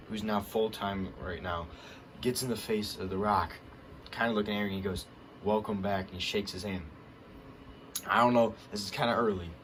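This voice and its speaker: A young man giving an excited, rambling recap of a wrestling show, full of fillers. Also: lowish voice, slight background noise. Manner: hyped, rambling, lots of fillers.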